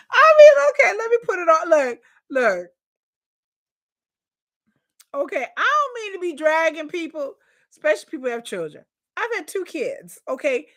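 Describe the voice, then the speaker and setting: A woman's voice: very high-pitched, big pitch swings, moderate pace, pauses often. A woman giving casual, incredulous commentary on a reality show, talking in a colloquial drawl and laughing often. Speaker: reaction commentator.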